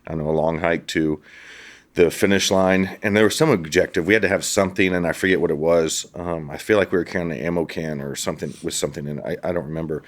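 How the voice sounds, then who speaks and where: A man with a very deep voice hosts a podcast in a casual way. He tells animated stories and breaks into laughter often. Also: fast talker. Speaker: podcast host. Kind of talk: casual storytelling.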